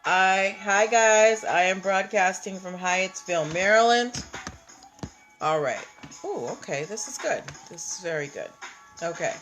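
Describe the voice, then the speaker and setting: Slow-talking woman hosting a casual livestream. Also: mid-range voice, a bit bright, faint music behind. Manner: chatty, greets viewers by name. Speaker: livestream host.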